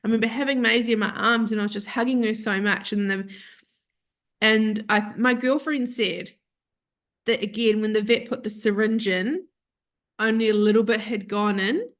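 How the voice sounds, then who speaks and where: Female guest, heartfelt storyteller, acts out quotes, goes soft at tender moments. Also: mid-range voice, normal speed. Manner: animated, quotes herself and others in lively voices. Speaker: podcast guest. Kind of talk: emotional personal storytelling.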